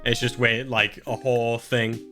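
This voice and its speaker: A man's voice: mid-range voice, level tone, moderate pace, bright, forceful tone, faint music behind. A man playing a tabletop game in casual chat, goofy and playful, often laughing. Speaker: player. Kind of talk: casual tabletop role-play.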